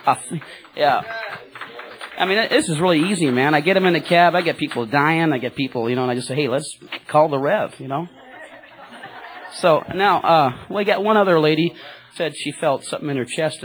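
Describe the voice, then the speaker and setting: A man, a cab driver, telling a rambling, excited testimony to a church group, full of fillers and restarts. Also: on the high side, rough recording.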